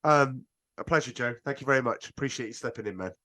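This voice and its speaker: A man's voice: medium pitch, expressive, quick pace, pushed and bright, dry recording. A British man hosting a podcast, chatting casually and teasing his guest with joking banter. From Britain. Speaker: podcast host.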